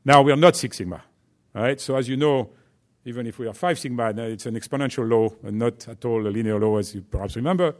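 A man's voice: medium pitch, fast. Man, French accent, executive, talk to business students, chatty, lots of fillers, asks "right?". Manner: chatty, many fillers and "right?" check-ins.

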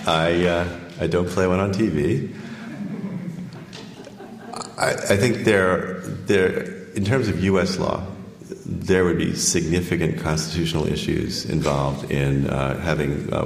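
A man, an author, reading from his book and then taking questions, measured when reading and full of fillers when answering. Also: a bass voice, vocal fry, darkish tone. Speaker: author giving a talk. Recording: echoey hall, long reverb.

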